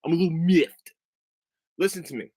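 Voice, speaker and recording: A man's voice: fairly high pitch, moderate pace, darkish tone, dry recording, clean studio sound. A man in his thirties hosting a podcast, telling a story as a profane, heated rant. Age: 30s. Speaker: podcast host. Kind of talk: casual chat.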